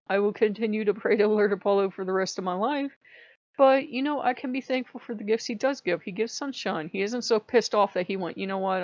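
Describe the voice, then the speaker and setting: A woman's voice: medium pitch, no room sound, muffled recording. A woman hosting her own vlog, talking casually and laughing often as she animatedly retells conversations. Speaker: channel host. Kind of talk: casual spiritual vlog talk.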